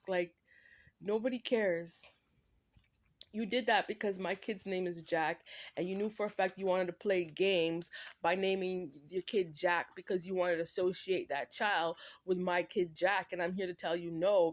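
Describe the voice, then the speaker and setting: Woman ranting in a confrontational monologue. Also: medium pitch. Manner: confrontational, repetitive, talks straight at an absent man. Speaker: vlogger.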